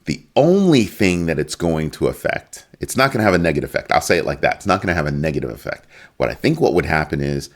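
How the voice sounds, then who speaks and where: A middle-aged man giving casual solo commentary, emphatic and animated, acting out quotes and breaking into sudden high exclamations. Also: brisk. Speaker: crypto news commentator.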